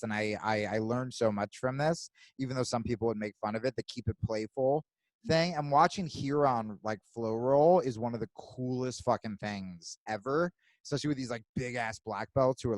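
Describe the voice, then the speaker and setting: A man hosting a podcast, telling stories in a casual, profane, animated way. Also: medium pitch, no echo. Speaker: podcast host.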